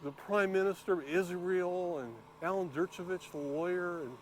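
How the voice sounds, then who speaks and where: A man's voice: high voice, moderate pace, a little hiss or hum. A man vlogging while he walks around a lake outdoors, talking casually with many fillers and restarts. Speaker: YouTube vlogger. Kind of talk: casual walking vlog. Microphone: handheld camera while filming.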